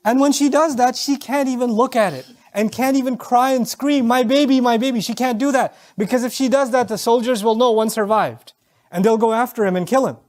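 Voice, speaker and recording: A man's voice: very high voice, a little fast, darkish tone. A man preaching a sermon, telling a story with feeling, acting out the voices of its people and reciting verses in Arabic.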